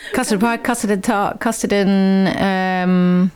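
A woman's voice: medium pitch, fairly even intonation, measured pace, darkish tone. Chatty woman radio presenter. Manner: chatty, laughs easily. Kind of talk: casual radio chat.

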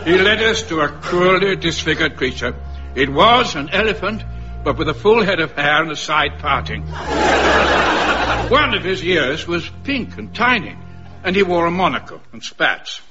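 A man's voice: fairly high pitch, expressive, normal speed, muffled recording, loud music behind the voice, close to an everyday voice. A man narrating his own misfortunes with grand, theatrical sorrow, as a scripted comic narrator. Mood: mournful.

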